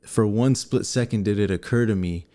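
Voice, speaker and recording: A man with a slightly low voice co-hosts a relaxed talk show. He tells a personal story straight to the viewers and acts out every scene as he goes. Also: moderate pace. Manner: animated, acts out scenes and quotes. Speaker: co-host.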